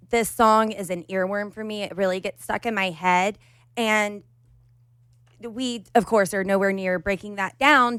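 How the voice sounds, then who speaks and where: Animated woman on a podcast. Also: medium pitch, clear, resonant tone, no echo, clean studio sound. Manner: animated, emphatic. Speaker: podcast co-host. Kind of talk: casual podcast chat.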